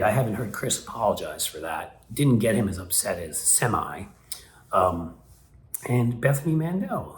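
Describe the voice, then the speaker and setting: A man's voice: low-pitched, slight background noise. A man hosting casual political commentary, talking in a sarcastic, mocking way. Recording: roomy echo.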